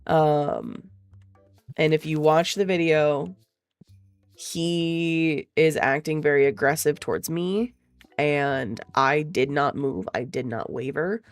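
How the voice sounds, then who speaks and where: Gravelly low-voiced woman, profane venting. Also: slow pace, dry recording, soft background music. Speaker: streamer. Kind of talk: casual chat.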